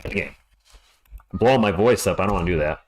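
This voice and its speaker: A man's voice: low voice, animated, fast talker, a little hiss or hum. A middle-aged man doing live play-by-play commentary for a stream, chatty and jokey between calls.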